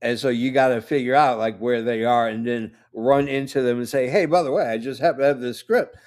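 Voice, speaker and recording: A man co-hosting a casual chat, telling an animated story and laughing when he gets nervous. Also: mid-range voice, fairly quick.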